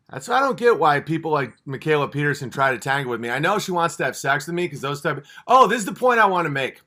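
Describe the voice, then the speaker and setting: A man hosts a livestream with a high, bright, forceful voice. He rants with heat, swearing freely and rambling between points. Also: very animated, a little fast. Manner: passionate, profane, rambling. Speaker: livestream host. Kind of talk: heated livestream rant.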